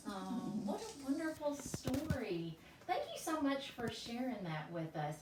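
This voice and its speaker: A woman's voice: high voice, big pitch swings, a little slow. A woman hosting a children's library storytime, talking cheerfully and leading songs. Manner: cheerful, sings and makes animal sneeze sounds. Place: library room. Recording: roomy, from a distance, faint hiss.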